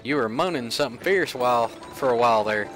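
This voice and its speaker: A man's voice: mid-range voice, animated, a little fast, lightly acted. A man voicing a folksy, rambling old male peddler in a put-on Scottish-like country brogue, with game music behind. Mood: friendly. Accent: put-on Scottish-like rural brogue.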